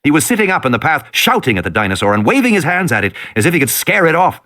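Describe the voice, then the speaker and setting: A man reading an audiobook in an expressive, dramatic narration. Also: a little high, fast.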